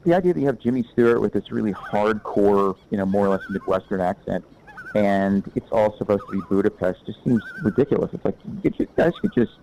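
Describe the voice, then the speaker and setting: A man's voice: lowish voice, expressive, brisk, vocal fry, dark tone, slight background noise, low-quality recording. A man bluntly giving his opinions in a casual chat about old films. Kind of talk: casual film discussion.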